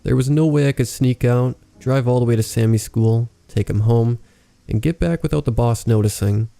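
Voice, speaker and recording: A man reading a horror story aloud as narrator, in a calm, measured way. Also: mid-range voice, vocal fry, no echo. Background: faint rain ambience.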